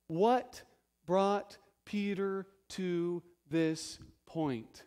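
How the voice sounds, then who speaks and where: A pastor, male, preaches slowly and emphatically with lively intonation. He asks the congregation rhetorical questions and alternates loud stresses with hushed, low lines.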